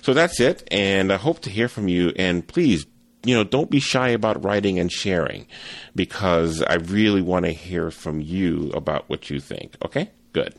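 A man's voice: deep voice, lively intonation, moderate pace, gravelly. A man hosting a solo podcast on photography, talking casually, rambling a little with restarts and repeated words. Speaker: podcast host, photography teacher.

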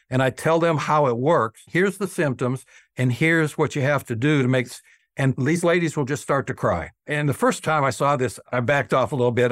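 A man's voice: a little high, a bit bright, no echo, studio quality. An older man, an oral surgeon, earnestly telling patient stories in an interview. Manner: earnest, acts out patient quotes. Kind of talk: storytelling interview talk.

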